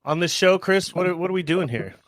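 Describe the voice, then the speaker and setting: A man's voice: high voice, animated, a little fast, dry recording. A young man co-hosting a podcast in casual chat, joking and laughing easily. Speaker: podcast co-host.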